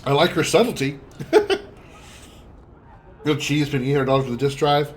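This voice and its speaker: A man's voice: on the high side, animated, a little slow, a little hiss or hum. A man streaming a video game, giving wry, chatty commentary that is often self-deprecating. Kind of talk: casual gameplay commentary.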